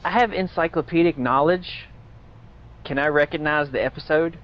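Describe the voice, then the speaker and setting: A man's voice: on the high side, normal speed. A man playing in a tabletop role-play session, casual and hesitant, with stammered restarts. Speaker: player. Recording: muffled lo-fi recording.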